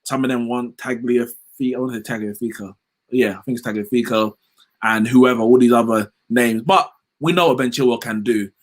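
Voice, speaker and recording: A man's voice: medium pitch, brisk. Guy running a footy livestream, chatty, reads the comments, lots of slang. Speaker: host. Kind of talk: casual football livestream chat.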